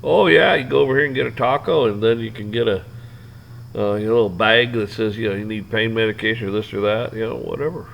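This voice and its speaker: A man's voice: lowish voice, fairly even intonation, fast, vocal fry, a bit bright, slight background noise, low-quality recording. A man ranting off the cuff, rambling and swearing, with lots of restarts and fillers. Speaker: vlogger ranting to camera. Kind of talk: off-the-cuff rant.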